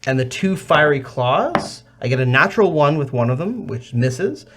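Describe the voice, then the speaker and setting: A man's voice: on the high side, big pitch swings, moderate pace, background noise. A man narrating as game master, methodically calling out rolls and damage.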